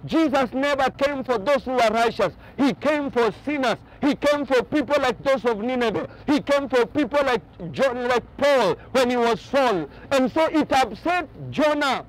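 Male pastor, very high voice, emphatic repetitive preaching style. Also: animated, normal speed, few pauses, low-quality recording. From Kenya. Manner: emphatic preaching with repeated phrases. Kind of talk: sermon. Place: outdoors on a boat by the ocean.

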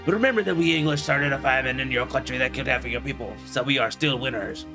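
A man reading out the words of a dying, defeated general in a solemn, low delivery. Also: fast talker, music in the background, close to an everyday voice. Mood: grim. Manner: solemn read-out of a game speech.

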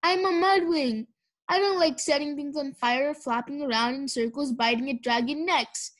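A woman voicing a gentle, clumsy young male dragon who protests mildly and pleads in an audiobook reading. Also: high-pitched, normal speed, natural voice. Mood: sulky.

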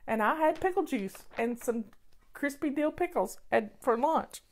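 A woman's voice: high voice, lively intonation, a little slow. A woman hosting a casual question-and-answer show, giving affectionate, encouraging advice to her viewers.

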